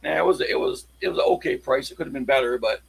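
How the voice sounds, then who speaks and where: Man, gravelly, husky, halting rambling show-and-tell, casual livestream chat, dry close sound. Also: medium pitch, expressive, dry recording, low-quality recording. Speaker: locksport hobbyist showing his tools.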